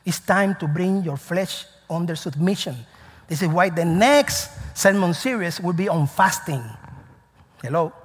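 Husky high-voiced preacher in a reverberant hall. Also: male voice, a little slow. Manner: call-and-response questions to the congregation. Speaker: pastor. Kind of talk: sermon.

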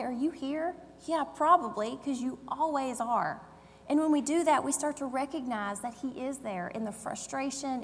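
A woman preaches in an easy, conversational way and acts out the voices in her story. Her voice sits high and trails a long echo through a church hall. A faint hum stays in the background. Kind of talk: sermon.

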